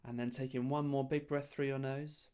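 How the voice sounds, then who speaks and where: A man leading a choir's breathing warm-up over a video call, giving calm, encouraging step-by-step instructions. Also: medium pitch, moderate pace, clean tone. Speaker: choir leader.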